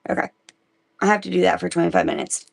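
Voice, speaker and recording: Missouri woman doing a chill bible reading stream, chatty, keeps talking to chat, gravelly voice. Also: on the low side, steady tone, quick pace. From Missouri, United States. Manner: chatty, breaks off to talk to viewers, giggly asides.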